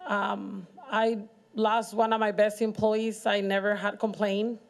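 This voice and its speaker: A middle-aged woman, a local restaurant owner, speaks haltingly at a community meeting, with frequent pauses and restarts. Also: medium pitch, flat delivery, vocal fry. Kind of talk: personal testimony at a public forum.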